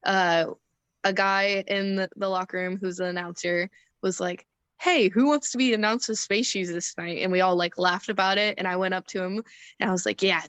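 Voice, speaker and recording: A woman's voice: medium pitch, a bit bright, clean tone, no room sound. A young woman telling a story in an interview, chatty, laughing often and acting out quotes. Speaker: wrestler interview guest.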